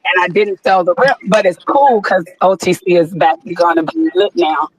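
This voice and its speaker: A woman's voice: lowish voice, rough recording. Effusive, profane woman. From Atlanta, USA. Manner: effusive, profane, drawn-out words. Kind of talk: casual chat on an audio chat room.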